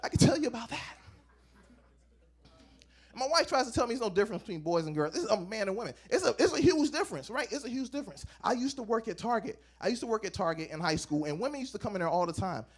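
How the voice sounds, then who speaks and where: A man in his thirties doing a stand-up comedy set on a club stage, animated and acting out bits with big swings in pitch. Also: very fast, hardly any pauses, husky.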